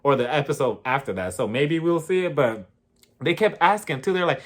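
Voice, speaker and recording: Lively man recapping a TV episode. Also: on the high side, quick pace. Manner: animated storytelling, acting out others, frequent laughter. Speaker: TV episode reviewer. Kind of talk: casual recap vlog.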